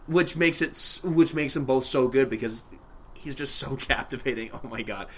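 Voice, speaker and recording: A man's voice: mid-range voice, moderate pace. A man co-hosting a podcast, chatting casually and rambling about movies, often laughing. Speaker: podcast co-host.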